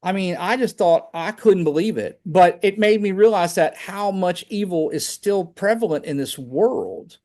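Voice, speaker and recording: A man telling personal faith stories on a video call, animated and chatty, often saying "man". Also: sits high, normal speed, hardly any pauses. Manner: animated storytelling, fillers like "man". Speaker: guest speaker. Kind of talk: casual testimony on a video call.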